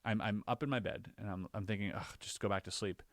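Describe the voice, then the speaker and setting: A man on a podcast, casually recounting his own experiences as an animated storyteller whose voice jumps higher when he relives the scary parts. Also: quick pace, no echo, studio quality. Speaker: podcast co-host.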